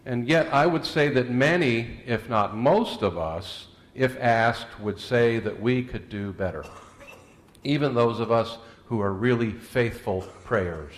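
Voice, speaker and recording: At a measured pace, a medium-pitched pastor preaches a sermon that mixes scripture and prayer with homespun jokes and stories, occasionally using fillers and starting sentences over.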